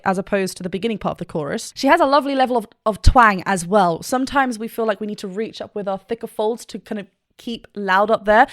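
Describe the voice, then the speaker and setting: A vocal coach with a mid-range voice reacts to a performance and breaks it down, eager and technical, sometimes singing brief demonstrations. The recording is dry and studio-quality.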